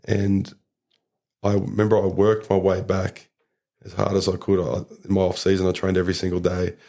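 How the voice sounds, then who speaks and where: A young Australian man tells a story in a casual podcast chat. His voice sits very low and carries a gravelly fry. He rambles from thought to thought and leans on fillers. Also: monotone, normal speed, warm tone. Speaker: podcast guest, rugby league player.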